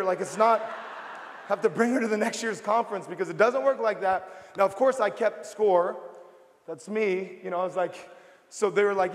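Animated high-voiced preacher in a reverberant hall. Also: male voice, a little fast. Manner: animated storytelling with comic voices. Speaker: pastor, guest preacher. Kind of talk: lively comedic sermon. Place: large church auditorium.

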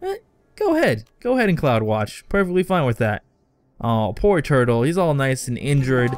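Young man, game commentary, lively swinging pitch, smooth clear voice, faint music behind. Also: normal speed, no echo. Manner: swearing, exasperated outbursts at the game. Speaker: let's play host. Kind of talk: casual gameplay commentary.

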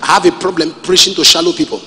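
A man preaching a sermon as a pastor, swinging between shouted, sing-song lines and low, hushed storytelling. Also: fairly even intonation, quick pace, long reverb tail, faint music behind.

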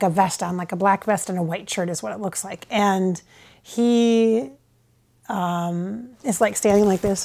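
An American woman talking casually to camera in a rambling, hesitant way, often restarting her sentences. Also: mid-range voice. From United States. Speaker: channeler. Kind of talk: casual spoken reflection to camera. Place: at home with her husband filming.

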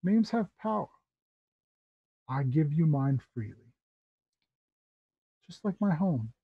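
A man voicing a refined, theatrical male cat who plays benefactor, speaking in an effusive, drawn-out way. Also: fairly high pitch, expressive, breathy edge, no echo, narrow, tinny audio, heavily acted. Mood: grandiose.

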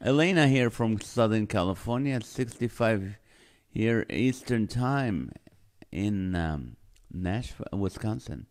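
A man's voice: fairly low pitch, animated, slow pace. A man hosting a casual livestream from home, greeting viewers by name and joking as he reads their comments. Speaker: livestream host. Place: home in California.

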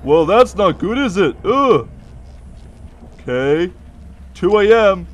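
A man with a notably high voice commentates as he plays a video game. He is jumpy and easily startled, and he giggles at his own nerves between the frightened yelps. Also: big pitch swings, slow, dull audio. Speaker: let's play host. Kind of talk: gameplay commentary.

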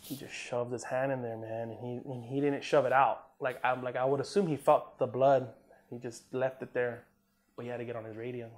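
A man, an Army combat veteran from Southern California, telling a war story in a casual interview, relaxed and profane, full of "man" and "you know", acting out the quotes. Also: medium pitch, fairly quick.

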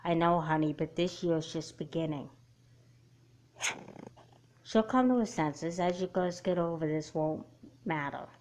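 A woman voicing a patient mother who gently comforts her daughter, in a homemade doll movie. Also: lowish voice, a little slow, pauses often, slight background noise, natural voice. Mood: soothing. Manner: gentle, calming, calls her child honey. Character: patient, soothing mother of two girls.

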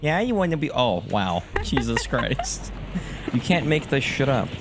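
A man streaming a video game, talking casually with excitable, jokey asides and frequent swearing. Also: mid-range voice, unhurried, loud music behind the voice. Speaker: gaming streamer. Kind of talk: casual gaming commentary.

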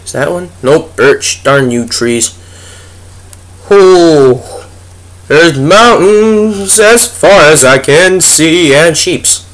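A man's voice: fairly high pitch, drawn-out words, fairly bright tone. A young man giving goofy, chatty let's play commentary as a gaming video host, talking to the animals in the game. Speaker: gaming YouTuber.

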